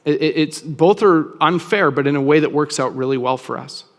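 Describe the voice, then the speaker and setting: Male pastor, fairly high voice, relaxed conversational sermon, long hall reverb. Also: moderate pace. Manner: casual, conversational preaching with frequent restarts.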